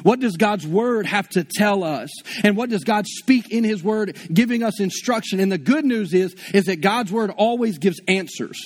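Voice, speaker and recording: A man with a rather high voice preaches to his congregation. He talks in a loose, conversational way, asks questions and answers them himself, and often repeats words as he goes. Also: expressive, normal speed, hardly any pauses. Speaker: pastor. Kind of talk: sermon.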